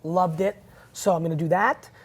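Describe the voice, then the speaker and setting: A man's voice: high voice, fairly even intonation, moderate pace, husky. A man as an interview guest, talking in a brash, emphatic way and swearing freely. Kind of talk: casual interview chat.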